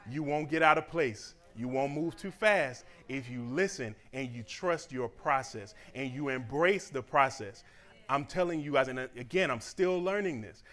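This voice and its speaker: A man from Southeast Georgia, giving a lively, conversational motivational speech at a church graduation celebration. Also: mid-range voice, moderate pace. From Southeast Georgia, USA. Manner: animated and conversational, acting out quoted voices.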